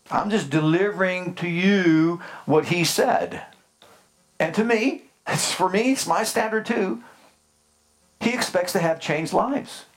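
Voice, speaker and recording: A man with a high-pitched voice delivers a sermon to his congregation. He preaches with emphasis, calls out to the listeners, and lets his delivery swell into fervent, rising passages. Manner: addresses the congregation directly with calls like "Amen?". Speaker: pastor.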